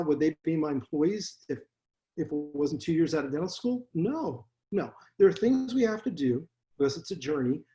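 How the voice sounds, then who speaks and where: A man, a dentist, telling blunt stories from his practice in a casual interview. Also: fairly high pitch. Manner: blunt, animated storyteller. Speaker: dentist guest.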